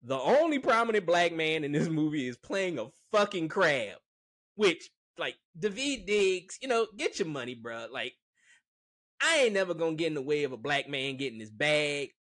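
Male reviewer, rambling and frank, somewhat high voice with lively ups and downs, dry sound. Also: moderate pace, no echo. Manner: rambling, filler-heavy, frank. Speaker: movie reviewer. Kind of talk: casual opinion monologue.

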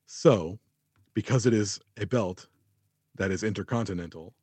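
A man co-hosting a podcast, chatting casually about wrestling, excitable, teasing and full of swearing. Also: fairly low pitch, moderate pace, slightly rough, dry recording. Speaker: podcast co-host.

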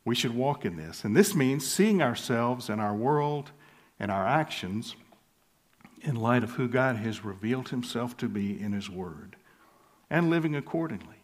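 A pastor from the States, preaching an expository sermon in an earnest, emphatic way, slowing to hushed pauses and soft chuckles. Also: male voice, mid-range voice, animated. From southern United States.

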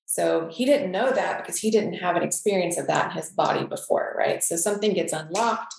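A woman's voice: on the low side, gravelly, roomy sound, rough recording. A woman speaking openly and reflectively as a guest in a podcast conversation.

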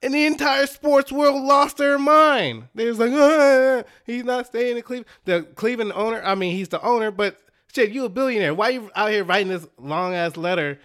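Podcast co-host, man from Dallas, high bright voice, emphatic ranter. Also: normal speed. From Dallas, Texas. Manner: animated, emphatic ranting with laughter. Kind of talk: ranting casual chat.

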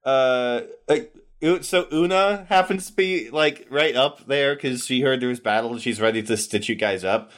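A man narrating as game master in a tabletop game, pausing often. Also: medium pitch, a bit bright. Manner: halting, many fillers.

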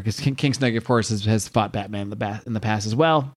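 A man's voice: on the low side, fast. A man casually recapping a comic book, rambling with many fillers and restarts.

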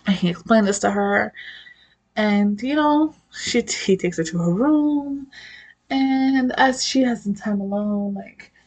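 Chatty young woman with vocal fry. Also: mid-range voice, animated, slow, a little mellow. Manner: chatty, swears freely, laughs often, lots of "like". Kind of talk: casual story recap.

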